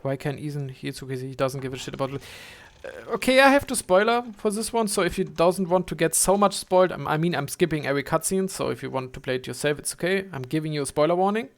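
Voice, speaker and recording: Streaming a game, a young man with a fairly high, expressive voice gives loose, casual commentary. It's rambling and halting talk, full of fillers, restarts and swearing.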